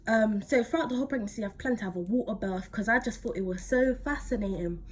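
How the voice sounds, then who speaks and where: A woman's voice: mid-range voice, fast, slight background noise. A teenage woman, telling a personal story casually to camera, rambling with lots of fillers and slang. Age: teens. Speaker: vlogger.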